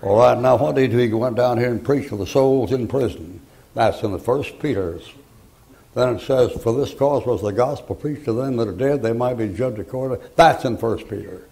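Gravelly older man preaching folksy. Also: medium pitch, normal speed, dark tone. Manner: homespun, joking, rambling storyteller. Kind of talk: folksy sermon.

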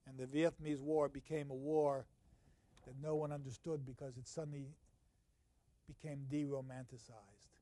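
In this university literature lecture, an older professor's voice shows little pitch movement as he shifts from forceful, stressed remarks to hushed asides. Passages are read aloud slowly with a marked cadence, on a dry recording.

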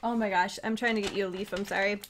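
A woman's voice: medium pitch, fairly even intonation, quick pace, a little hiss or hum. A woman streamer gushing in a casual live-stream chat while eating, giggly and talking with her mouth full.

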